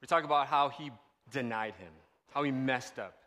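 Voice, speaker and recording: A man's voice: medium pitch, moderate pace, big-room sound. A man giving a casual, conversational sermon as a pastor, often checking in with the audience. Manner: animated, conversational, asks the audience "right?" often.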